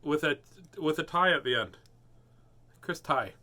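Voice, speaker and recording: A man's voice: fairly high pitch, expressive, measured pace, pushed and bright. A man hosting a casual livestream storytime, chatting playfully and joking while he reads a book aloud. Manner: playful, jokey. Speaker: storybook reader host.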